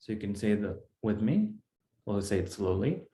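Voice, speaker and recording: A man's voice: lowish voice, very animated, moderate pace, mellow, reverberant. A man teaching a Sanskrit text in an online class, explaining step by step in a patient way.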